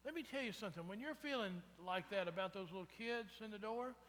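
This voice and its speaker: A fast-talking pastor whose voice sits high and a bit bright gives a conversational sermon, repeatedly asking the congregation "right?" He is recorded in a reverberant church sanctuary.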